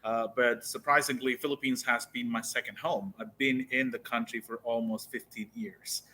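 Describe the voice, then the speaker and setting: A man's voice: mid-range voice, steady tone, moderate pace, pushed and bright, a little hiss or hum, low-quality recording. A man from India, a guest on a live online chat, talking in a hesitant way with many fillers. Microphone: remote call audio.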